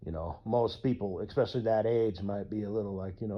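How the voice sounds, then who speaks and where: A man's voice: fairly low pitch, fairly even intonation, fast. Rambling, profane man on lo-fi audio. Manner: rambling, profane, with whooping asides. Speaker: YouTuber. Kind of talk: casual rambling monologue.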